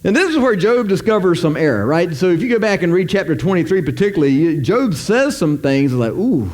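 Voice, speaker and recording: A man's voice: high voice, sing-song, brisk. A male pastor preaching a sermon in a casual, joking, conversational way.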